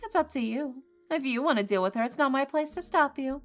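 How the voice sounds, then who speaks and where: A woman's voice: sits high, lively intonation, brisk, soft background music, voice pushed up. A woman voicing a cold, disdainful authority figure in a visual novel game, speaking in a cutting, scornful way.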